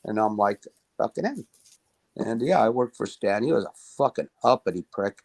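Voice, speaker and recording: A man's voice: fairly low pitch, brisk, gravelly, a little mellow. A man co-hosting a podcast, telling a rambling, profane story full of stammering restarts. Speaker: podcast co-host. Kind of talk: casual chat.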